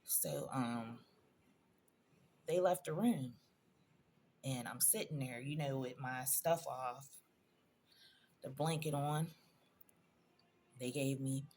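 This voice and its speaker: A woman's voice: very deep voice, takes it slowly, pauses often, a little mellow, a little hiss or hum. A woman in a personal vlog, telling a painful story in a conversational, emotional way, addressing viewers directly. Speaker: vlogger.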